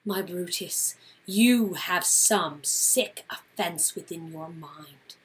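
A woman's voice: on the low side, slow, fairly bright tone, husky, full character voice. A woman playing Portia, an earnest and hurt Roman noblewoman, reading a Shakespeare scene with a pleading, insistent delivery.

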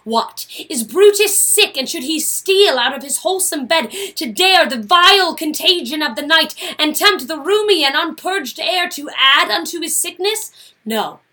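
A woman's voice: very high voice, animated, moderate pace, bright, forceful tone, heavily acted. A woman playing Portia, an earnest and hurt Roman noblewoman, reading a Shakespeare scene with a pleading, insistent delivery.

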